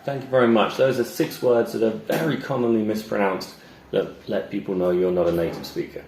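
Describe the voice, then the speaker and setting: A man teaching English pronunciation, slowly modeling words and repeating examples. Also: fairly low pitch, darkish tone, slight background noise. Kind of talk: pronunciation lesson. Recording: echoey room with faint ambience.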